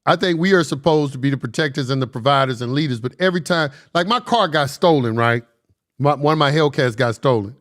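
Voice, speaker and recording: A man's voice: medium pitch, a little fast. A man giving casual commentary, reading verses aloud and arguing bluntly and emphatically, often laughing. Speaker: commentator reading and discussing scripture.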